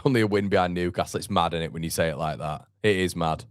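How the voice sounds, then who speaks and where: A man's voice: deep voice, fast talker, smooth, dry recording, clean studio sound. A man hosting a live football watchalong, chatting casually, reading out viewer comments and reacting to the match. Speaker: fan channel host.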